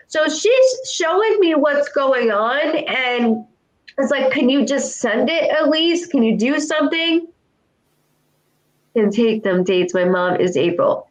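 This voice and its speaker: The recording quality is poor as a clairvoyant woman, her voice on the high side, conducts a psychic reading. She speaks earnestly and repetitively, relaying what the dead are saying.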